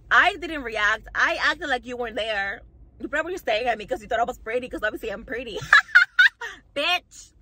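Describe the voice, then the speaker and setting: A woman's voice: fairly high pitch, very animated, fairly quick, pushed and bright, husky, poor audio. A young woman vlogger telling a storytime rant to camera, heated, mocking and full of swearing.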